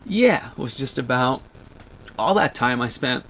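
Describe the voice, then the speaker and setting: A man in his thirties talking to viewers on a livestream, choked up and halting, with many restarts. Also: mid-range voice, animated, fairly bright tone, slight background noise. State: choked up, near tears. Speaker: vlogger on a livestream. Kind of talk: emotional livestream chat.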